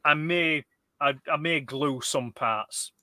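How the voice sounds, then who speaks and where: A man's voice: fairly high pitch, takes it slowly, pushed and bright, no echo. A man co-hosting a casual chat about toys, rambling with many restarts. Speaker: co-host of a toy collector chat.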